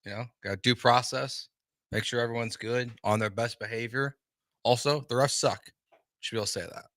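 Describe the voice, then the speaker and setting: A man's voice: medium pitch, fairly quick, fairly bright tone, dry recording. A man co-hosting a sports talk radio show in a studio, with dry, joking remarks.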